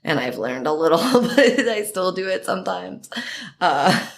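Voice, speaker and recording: Female podcast guest, casual storyteller, very animated pitch, laughs a lot. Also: measured pace, vocal fry. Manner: animated, laughing often, quoting herself in higher voices.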